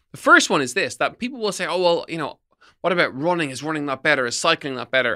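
Bright-voiced fitness podcast host. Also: male voice, a little high. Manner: emphatic, repetitive, coaching tone. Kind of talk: solo podcast talk, tips.

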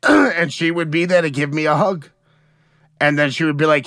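A man from the United States, a guest in a candid conversational interview, speaks frankly and emotionally about his feelings, often asking "you know what I mean?" His voice is fairly high and a bit bright at normal speed, in studio quality with no echo.

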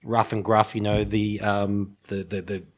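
A man in casual podcast chat, talking haltingly with many fillers and restarts. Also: on the low side, little pitch movement. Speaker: podcast co-host.

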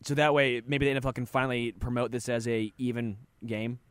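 Male sports radio co-host, mid-pitched, dry close studio mic, joking banter, teasing, quick takes. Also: steady tone, smooth, no echo.

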